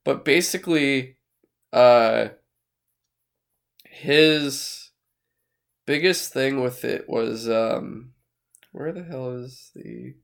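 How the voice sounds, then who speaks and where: A man's voice: medium pitch, vocal fry. A man co-hosting a casual podcast, rambling with fillers and restarts, swearing now and then. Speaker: podcast co-host. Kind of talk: casual chat.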